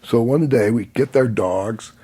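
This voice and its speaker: Gravelly older man telling stories. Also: medium pitch, measured pace. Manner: animated, acts out voices in his stories, laughs often. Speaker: podcast guest. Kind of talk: casual storytelling.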